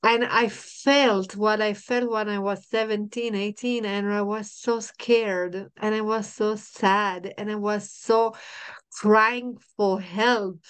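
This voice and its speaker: Middle-aged woman, podcast guest; smooth voice, halting restarts, repeats herself. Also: mid-range voice, fairly even intonation. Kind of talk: emotional personal storytelling.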